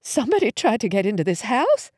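A woman's voice: a little high, very animated, quick pace, a little mellow, no room sound, clean studio sound, voice pushed up. A woman reading a storybook voices a frightened, devout middle-aged mother with a quavery, anxious voice. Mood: shocked. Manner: anxious, pleading.

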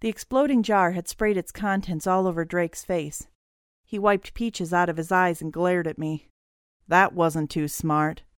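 A woman reading a first-person audiobook story in a steady, clear storytelling manner. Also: fairly low pitch, moderate pace, no echo, studio quality. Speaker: audiobook narrator.

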